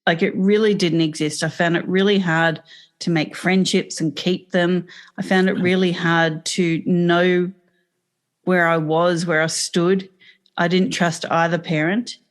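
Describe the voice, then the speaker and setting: A woman with an Australian accent and a lowish voice speaks as a podcast guest. She tells her own story plainly and candidly, in a matter-of-fact way. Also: flat delivery, a little slow. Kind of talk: podcast interview.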